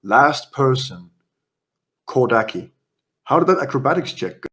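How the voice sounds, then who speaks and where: A man running a horror tabletop game as game master, narrating scenes in quick descriptive bursts. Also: medium pitch, lively intonation, a bit bright.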